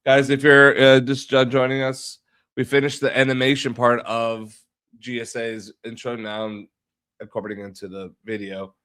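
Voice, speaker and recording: Man, live-stream chat, mutters to himself, swears casually, slightly stuffy, medium pitch. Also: flat delivery, moderate pace, fairly bright tone, clear, resonant tone. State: sounds a bit sick from pollen. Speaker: livestreaming video editor.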